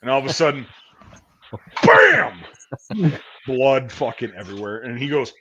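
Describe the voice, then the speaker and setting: Talking fast in a mid-range voice, this man hosts a stream and spins rambling, foul-mouthed stories with plenty of animation. The sound is lo-fi, with slight background noise.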